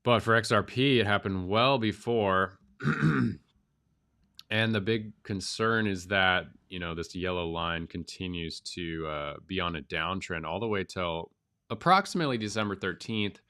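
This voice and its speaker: A man's voice: low-pitched, a little slow, bright, forceful tone, smooth. A man with a cold and a nasal voice, casually walking through market charts as a channel host, thinking aloud with frequent ums. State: has a cold. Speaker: crypto astrology channel host.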